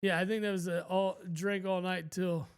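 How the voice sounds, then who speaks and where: A man's voice: high-pitched, little pitch movement, moderate pace, clean tone. A man co-hosting a podcast, telling a long story in a laid-back, rambling way and swearing freely. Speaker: podcast co-host. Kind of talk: casual storytelling chat.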